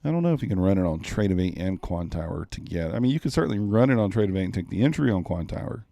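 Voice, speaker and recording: Low-voiced guy in his 30s chatting to viewers while he trades live, laid-back, dry close mic. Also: lively intonation, racing, creaky, dark tone, no room sound. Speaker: livestream day trader. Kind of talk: casual live-stream commentary.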